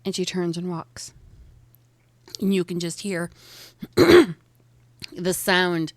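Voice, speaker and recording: A woman's voice: on the low side, slow pace, long pauses, no room sound. A woman narrating a tabletop game as game master, describing scenes casually with fillers.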